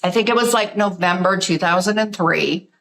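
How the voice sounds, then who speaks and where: A middle-aged woman, a guest artist, telling her story in a casual interview, animated and full of "like". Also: fairly low pitch, normal speed, a little hiss or hum, rough recording. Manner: animated storyteller, acts out quoted voices, says "like" often.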